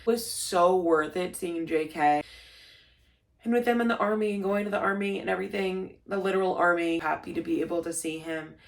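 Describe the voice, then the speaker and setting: A young woman with a lowish voice and vocal fry talks a little fast in a casual vlog. She's telling a story, gushing and saying "like" a lot, and she acts out what people said.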